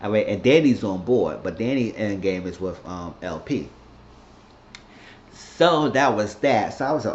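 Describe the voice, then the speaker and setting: A man's voice: lowish voice, animated, a little slow, darkish tone, a little hiss or hum. A man casually recapping a TV season finale in a loose, rambling way, often restarting his sentences. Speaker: TV show recapper. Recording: roomy, dull lo-fi recording.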